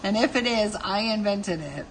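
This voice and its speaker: A woman's voice: medium pitch, lively intonation, normal speed, a little hiss or hum, poor audio. A woman in her fifties chatting casually on a live stream while she draws, chatty and self-mocking, laughing often. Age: 50s. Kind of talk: casual chat while drawing.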